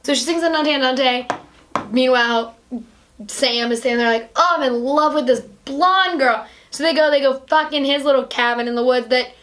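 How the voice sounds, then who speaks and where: In a relaxed podcast chat she hosts, a woman walks through a film animatedly, saying "like" constantly and performing the quotes. She speaks at a moderate pace in a high-pitched, slightly bright voice.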